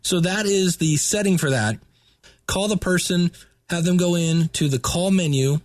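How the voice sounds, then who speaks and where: A man's voice: high-pitched, moderate pace, dry recording, clean studio sound. A man hosting a podcast, explaining setup tips in a chatty, casual way. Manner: chatty, explanatory, with filler words. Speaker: podcast host.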